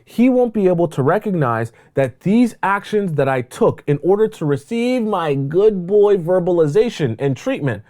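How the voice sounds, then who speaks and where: Male dating coach giving advice, really animated, preachy, repeats himself a lot. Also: high-pitched, moderate pace, hardly any pauses. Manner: emphatic, repetitive, preachy. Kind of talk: advice monologue to camera.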